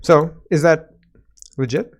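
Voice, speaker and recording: A man's voice: fairly high pitch, slow, a little hiss or hum. Sarcastic man hosting a political show. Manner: sarcastic, rambling, asks rhetorical "right?". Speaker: political commentary show host. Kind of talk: casual political commentary.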